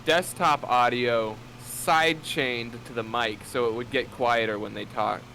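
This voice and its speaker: A man's voice: medium pitch, fairly even intonation, unhurried, vocal fry, sharp tone, a little hiss or hum, low-quality recording. A man from the US in casual gaming chat, dry and sarcastic, swearing casually. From United States. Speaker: streamer.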